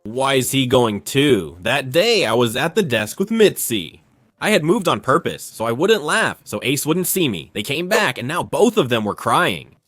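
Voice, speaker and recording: A man narrating a funny school story in a lively storytelling manner, slipping into quick voices for the people he quotes. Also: mid-range voice, no room sound.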